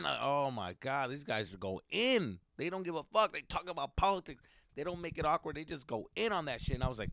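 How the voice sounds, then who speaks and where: A man from California who hosts a comedy podcast and tells a profane, animated story, laughing often. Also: medium pitch, a little fast, no echo, clean studio sound.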